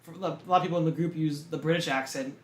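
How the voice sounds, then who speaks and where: Fast-talking young man, echoey room. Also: a little high, steady tone. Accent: light Boston. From Massachusetts. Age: young adult. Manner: quick, filler-heavy planning talk. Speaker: podcast co-host. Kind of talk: casual chat.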